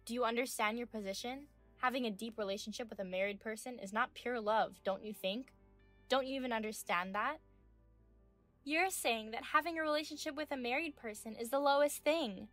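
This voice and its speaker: Casting: thirties woman narrating as a stern, indignant wife in an audio drama, high voice, faint music bed. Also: brisk, fairly bright tone. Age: 30s. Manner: firm, indignant questioning.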